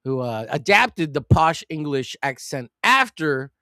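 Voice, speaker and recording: A man's voice: on the high side, unhurried, smooth, dry recording, clean studio sound. A man hosting a live comic-drawing stream, rambling casually and cracking crude jokes. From United States. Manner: rambling, crude joking, animated.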